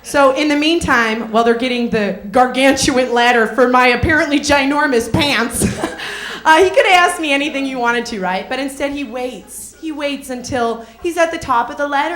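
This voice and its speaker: A woman's voice: high-pitched, normal speed, a bit bright, reverberant. A young woman from Minnesota doing a stand-up comedy set on a club stage, sardonic and playful, laughing at her own jokes.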